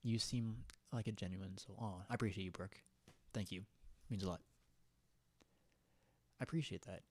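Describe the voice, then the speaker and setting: A man's voice: deep voice, normal speed, no room sound. A young man hosting a casual livestream, rambling and giggling as he chats with viewers and reads their comments. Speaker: livestream host.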